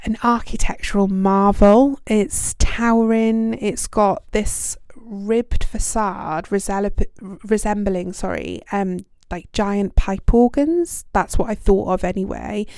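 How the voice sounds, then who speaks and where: Close to the mic in a dry recording, a young UK podcast host offers a relaxed reflective monologue, self-deprecating and chatty, full of ums and likes. Her voice is warm and mellow, middle in pitch, and smooth, with no echo.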